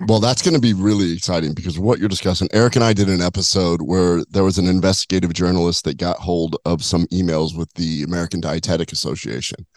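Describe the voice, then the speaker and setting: A man co-hosting a podcast, a doctor who tells stories in an animated, enthusiastic way. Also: low voice, quick pace, few pauses, no room sound. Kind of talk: casual podcast interview.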